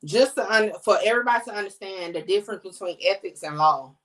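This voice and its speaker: A middle-aged woman hosts a podcast from her house. She talks casually and bluntly, full of slang and lively asides, in a voice of ordinary middle pitch. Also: fast. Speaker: podcast host. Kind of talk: casual chat to camera. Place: at home.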